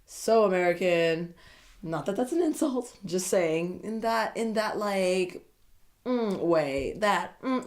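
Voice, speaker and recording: A woman with a mid-range voice chats through a reality dating show recap like gossip with a friend. She is animated and playful. She often breaks into giggles between her remarks. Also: mid-range voice, unhurried. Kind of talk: casual chatty TV recap.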